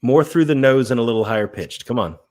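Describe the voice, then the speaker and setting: A man's voice: medium pitch, quick pace, darkish tone. A man co-hosting a podcast in casual chat, teasing his partner and giving earnest little speeches. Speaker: podcast co-host.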